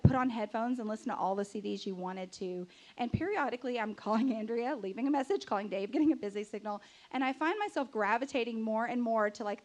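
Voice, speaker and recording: A woman telling a personal story live on stage as a show host, chatty and animated, acting out her own outbursts. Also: a little high. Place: stage before a live audience.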